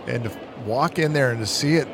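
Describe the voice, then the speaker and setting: A man's voice: medium pitch, a little fast, background noise. A man who used to play, now the color analyst on a baseball radio broadcast, conversational and full of anecdotes. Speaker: color analyst, former player.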